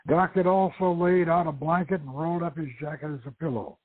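A man hosting a radio show, reading his own novel aloud in measured storytelling narration, over a tinny phone-like radio line. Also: fairly high pitch, fairly even intonation, no room sound.

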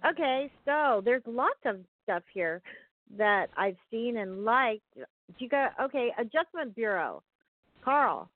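A woman's voice: fairly high pitch, big pitch swings, slow pace, no room sound. A woman hosting a casual chat about films, chatty and often searching for words. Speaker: podcast host. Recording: tinny phone-like sound.

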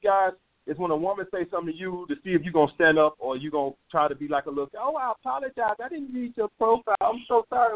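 A man in his own voice, somewhat high for a man, lecturing listeners in a blunt, profane, repetitive way. The sound is narrow and phone-like, as on a lo-fi call-in radio stream. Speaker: dating advice host. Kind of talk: call-in radio advice talk.

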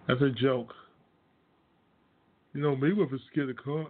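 A man's voice: mid-range voice, expressive, slow, pauses often, breathy edge. A man hosting his own radio show, ranting casually and bluntly about sports with plenty of profanity and scornful laughs. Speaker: host. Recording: tinny phone-like audio.

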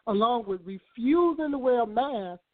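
A woman calling in to a radio show, speaking in an earnest, measured way with some fillers. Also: a little high, lively intonation. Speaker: caller, host's aunt. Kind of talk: call-in radio opinion. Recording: tinny phone line.

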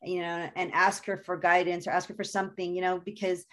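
A woman's voice: fairly low pitch, little pitch movement, brisk. A woman, a guest author, speaking in an earnest, reflective way as she tells personal stories in a conversational interview.

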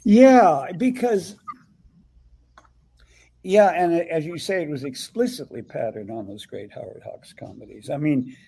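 The audio is poor as an older man, interviewed as a guest actor, rambles through a story with halting recollection and many restarts. His voice is on the high side, gravelly and husky yet warm, in a conversational interview.

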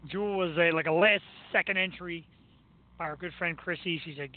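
A man with a Philadelphia accent, hosting a radio show in casual, excitable, rambling chat. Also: on the high side, moderate pace, narrow, tinny audio. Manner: excitable, rambling, laughs often.

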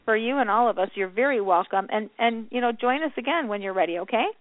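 A woman's voice: on the high side, lively intonation, fast talker, no echo. A woman hosting a call-in psychic radio show, calling her callers honey. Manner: warm, calls callers honey. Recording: tinny phone line, dry.

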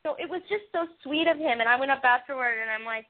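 A woman's voice: sits high, fast talker. A woman co-hosting a casual chat about a TV show, gushing and talkative with lots of fillers. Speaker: podcast co-host. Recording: tinny phone line.

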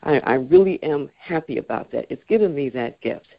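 A woman in her sixties speaking as a radio interview guest, calm, earnest and reflective. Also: extremely low pitch, a little fast, gravelly, no echo. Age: 60s. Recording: dry, dull lo-fi radio sound.

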